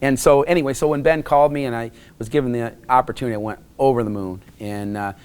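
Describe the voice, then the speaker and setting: A man's voice: mid-range voice, fairly even intonation, quick pace, a little mellow, clear, resonant tone. A middle-aged man from Wisconsin, telling a rambling personal story in a casual interview, with many restarts. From Wisconsin, USA. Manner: rambling anecdotes with frequent restarts and acted quotes.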